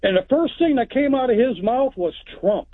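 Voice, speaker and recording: A man's voice: very high-pitched, lively intonation, moderate pace, no echo. Plain-spoken man from Texas on a tinny phone line. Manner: plain-spoken, rambling storyteller. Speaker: caller. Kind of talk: telling a story on a call-in show.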